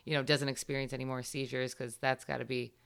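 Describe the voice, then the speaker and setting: A woman's voice: extremely low pitch, level tone, quick pace, vocal fry, clear, resonant tone. A woman of about forty from upstate New York, with a New York accent, hosting a podcast interview in a chatty, agreeable way and laughing often. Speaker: podcast host. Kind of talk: casual interview chat.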